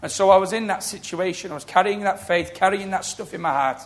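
A middle-aged man preaching a sermon, telling stories with lively quoted voices. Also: high voice, quick pace, faint music behind. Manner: storytelling, animated, acting out quoted voices. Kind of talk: sermon with testimony.

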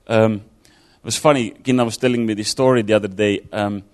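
A man's voice: on the low side, steady tone, brisk, darkish tone. A man giving an informal sermon, talking it through casually with fillers and restarts. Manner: conversational, thinking aloud with fillers and restarts. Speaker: preacher.

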